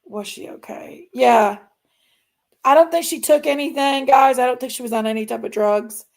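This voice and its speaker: Her voice is high, gravelly, and a little mellow, delivered at a moderate pace. She's a true crime channel host giving casual livestream commentary, talking right to viewers and often trailing off or repeating herself.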